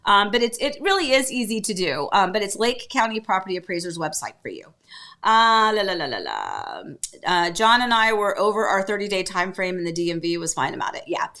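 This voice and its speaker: A middle-aged woman hosts a relaxed, casual livestream from a table at home, her medium-pitched voice bright and forward. She chats in a loose, rambling way, humming little filler syllables to herself in the pauses.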